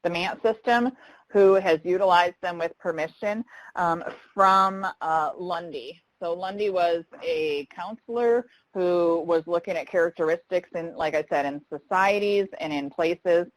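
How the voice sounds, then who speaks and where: A woman's voice: lowish voice, unhurried, no room sound, low-quality recording. A woman trainer running a live online training session, talking conversationally and reading chat comments aloud with frequent ums.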